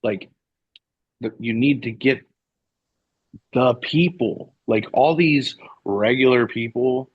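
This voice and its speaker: Husky man in heated political talk. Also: mid-range voice. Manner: heated, halting, starts sentences over. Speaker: podcast co-host. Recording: dry, dull lo-fi sound.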